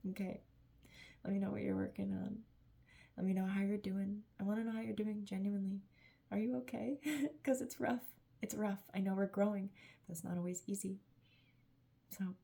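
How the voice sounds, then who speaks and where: A tired, emotional woman giving a gushing, affectionate channeled spiritual message to her viewers, laughing often and dropping into soft whispery asides. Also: mid-range voice, creaky, husky. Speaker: tarot reader and channeler.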